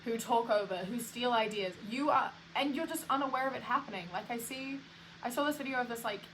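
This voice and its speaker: Young woman, podcast co-host, animated storyteller, bright higher voice, light background hiss. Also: rough recording. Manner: animated storytelling, quick restarts. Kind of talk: casual chat.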